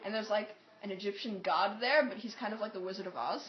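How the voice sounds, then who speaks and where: A woman telling a long story in a casual vlog, animated and acting out what people said, with many "like"s. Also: medium pitch, fast, a crowd in the background. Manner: animated, acts out quotes, says "like" often. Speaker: vlogger. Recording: echoey room, dull lo-fi sound.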